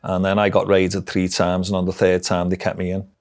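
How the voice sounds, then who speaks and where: His voice is low, darkish and monotone, and he talks briskly: a middle-aged Scouse man from Liverpool, England, giving a frank, blunt, dialect-heavy account of his life in an interview.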